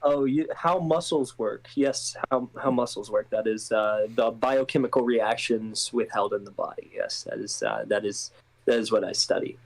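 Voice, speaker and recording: A man's voice: mid-range voice, normal speed, slight background noise, poor audio. A man being interviewed as an actor, talking casually with a hesitant manner. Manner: hesitant, many restarts and laughs. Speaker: guest actor.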